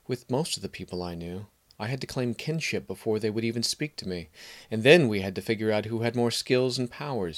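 Man narrating a fantasy audiobook, calm steady reading, lower voice.

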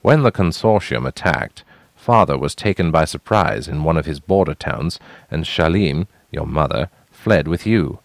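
A man's voice: a bass voice, animated, moderate pace, vocal fry, dry recording, exaggerated voice. A man voicing a weary but proud young royal half-brother, earnest as he explains.

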